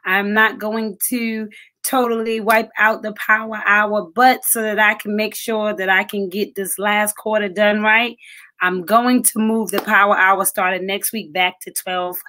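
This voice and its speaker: Bright, forceful woman hosting a livestream. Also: medium pitch, level tone, measured pace. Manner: chatty, encouraging, addresses viewers as honey. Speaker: livestream host. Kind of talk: motivational live-stream talk. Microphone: phone or webcam livestream.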